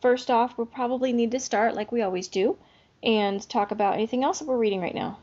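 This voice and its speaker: A woman's voice: a little high, fairly quick, darkish tone. A woman co-hosting a book podcast, chatting casually with frequent fillers. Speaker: podcast co-host. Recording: dull lo-fi audio.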